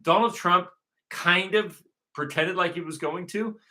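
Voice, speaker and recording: On his own show, a man with a high, bright, forceful voice rants at a measured pace. The monologue is emphatic and repetitive, and he swears often.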